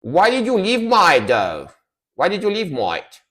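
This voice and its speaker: A man's voice: sits high, huge pitch swings, unhurried, fairly bright tone, pitched above the performer's own voice, full character voice. A man putting on an exaggerated, hammy voice of a boisterous Australian bloke. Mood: mock indignant. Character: boisterous jokey Aussie bloke, male adult.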